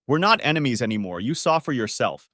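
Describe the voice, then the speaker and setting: A man voicing a former special forces officer who reassures his wife in an earnest, steady way. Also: mid-range voice, quick pace, no room sound, studio quality.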